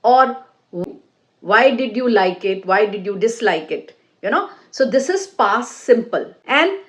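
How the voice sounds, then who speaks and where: A woman who is a former IELTS examiner, giving an exam-prep lesson, explaining deliberately with fillers and restarts. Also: a little high, expressive. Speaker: English teacher and ex-IELTS examiner.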